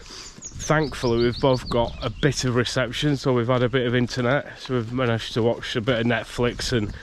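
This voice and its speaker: A man's voice: mid-range voice, fairly even intonation, normal speed, a little hiss or hum. A man chatting in a casual, rambling vlog while walking outdoors by a loch, a little bunged up from a cold. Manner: chatty, rambling, restarts and laughs. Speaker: vlogger. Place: outdoors on a rural campsite by a loch.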